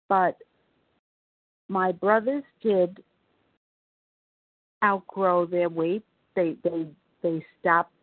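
New York woman, 70s, unhurried earnest testimony, dry close sound over a phone. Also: lowish voice, dry recording. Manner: slow, measured, earnest storytelling. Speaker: recovery meeting speaker. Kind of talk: personal testimony. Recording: tinny phone line.

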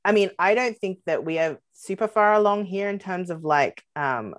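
Low-voiced woman guest, hesitant, dry sound. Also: animated, normal speed, no room sound. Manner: rambling, hesitant, many ums and likes. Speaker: podcast guest. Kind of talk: casual podcast chat.

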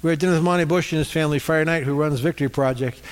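A middle-aged man preaches a sermon with a lively delivery and keeps drawing the congregation into call-and-response. His voice sits somewhat high for a man. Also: racing. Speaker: pastor.

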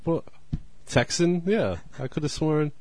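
A man's voice: a little high, measured pace, darkish tone. A man hosting a casual podcast, teasing his co-host in a dry way and laughing often.

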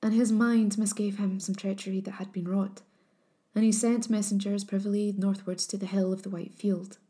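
A woman storyteller reads an old legend in a measured, solemn cadence. Her voice is mellow and warm, never bright or sharp. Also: medium pitch, level tone. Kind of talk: scripted narration of a legend.

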